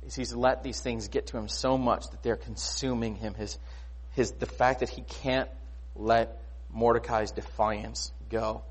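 Husky, animated male preacher. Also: mid-range voice, a little slow, hardly any pauses. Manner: conversational, rhetorical questions, animated. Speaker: pastor. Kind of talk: sermon.

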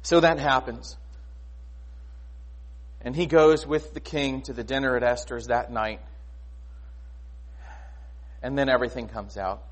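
A man preaching a sermon in a conversational, animated way, often asking rhetorical questions. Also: medium pitch, measured pace, pauses often. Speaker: pastor.

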